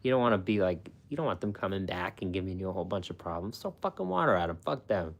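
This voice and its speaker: A man chats loosely with his viewers, his voice sitting low and deep. He rambles, swears freely and breaks into laughter often, his talk full of "like" and restarts. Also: fast, hardly any pauses, a little hiss or hum. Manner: rambling and profane, laughs often, many fillers. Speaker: food channel host. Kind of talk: casual live-stream chat with viewers.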